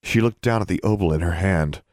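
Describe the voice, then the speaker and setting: A man narrating a story podcast with a steady, measured reading. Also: deep voice, no echo, clean studio sound. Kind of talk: audiobook narration.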